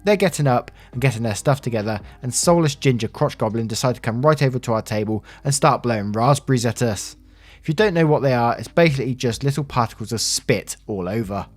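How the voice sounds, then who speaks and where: A man's voice: medium pitch, expressive, fast talker, dry recording, soft background music. A man narrating online stories casually, with wry asides and free swearing. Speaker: reddit story narrator. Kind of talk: casual story narration with commentary.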